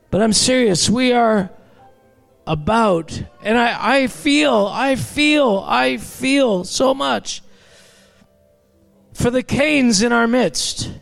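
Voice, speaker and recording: High-voiced impassioned male preacher. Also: gravelly. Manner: impassioned, building to shouts. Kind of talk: sermon.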